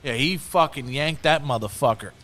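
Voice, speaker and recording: A young man in a casual chat, animated, laughing often and swearing. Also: medium pitch, normal speed.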